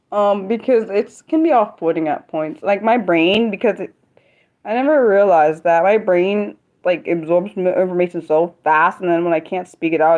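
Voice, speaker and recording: A young woman chatting casually on her own livestream, talking fast and rambling, breaking off and restarting her sentences. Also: lowish voice, a little mellow. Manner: fast, rambling, self-interrupting talk. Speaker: livestream host sharing poetry. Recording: dull lo-fi sound.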